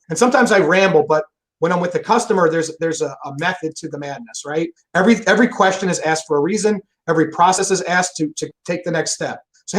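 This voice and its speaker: A man talking fast and emphatically in a casual interview about selling, rambling and swearing freely. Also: on the high side, poor audio. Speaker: solar sales pro guest.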